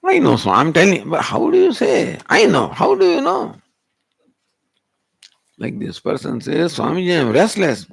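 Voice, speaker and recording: Man, spiritual discourse, lively rising pitch, gravelly edge, dry close sound. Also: a little slow, pauses often, no echo. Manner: questioning, rhetorical. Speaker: spiritual teacher. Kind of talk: Vedanta discourse. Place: retreat hall.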